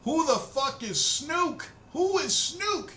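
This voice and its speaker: A man hosting a profane, excitable fan rant, loud and swearing freely. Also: very high voice, slow, reverberant, slight background noise. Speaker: host of a rant video.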